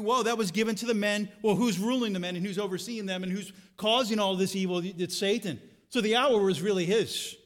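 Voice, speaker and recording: High-voiced preacher delivering a sermon. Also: male voice. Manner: preaching with rising fervor and rhetorical questions; drops to a quiet, reflective tone at times. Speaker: pastor.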